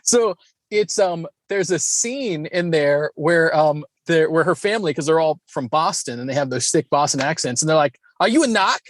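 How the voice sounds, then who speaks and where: A man co-hosting a podcast in casual chat, telling stories in an animated way and laughing often. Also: on the high side, moderate pace, no room sound. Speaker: podcast co-host.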